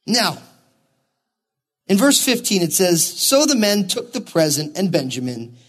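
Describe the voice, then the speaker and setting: A man's voice: sits high, very animated, a little slow, a bit bright. A male pastor preaching a sermon, reading scripture and acting out the quoted lines with animation.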